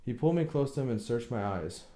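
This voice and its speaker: A man reading a novel aloud as an audiobook narrator, slow and measured. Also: medium pitch, animated, dark tone, reverberant. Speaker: audiobook reader.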